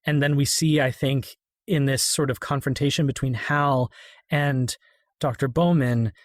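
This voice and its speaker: A man chatting casually about a film on a podcast, animated, now and then lowering his voice to quote lines. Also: measured pace, dry recording, clean studio sound.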